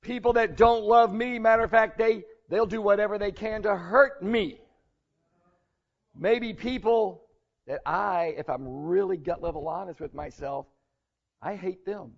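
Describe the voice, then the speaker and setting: Earnest high-voiced male pastor preaching. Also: a little slow, vocal fry, dull audio. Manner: earnest, conversational preaching with rising emphasis. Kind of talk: sermon.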